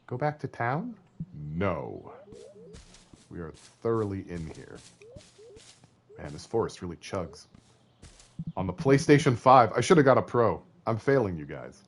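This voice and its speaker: A man's voice: on the low side, lively intonation, moderate pace, a little hiss or hum. Joking man streaming a game. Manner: joking, rambling asides to viewers. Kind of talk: casual gaming commentary.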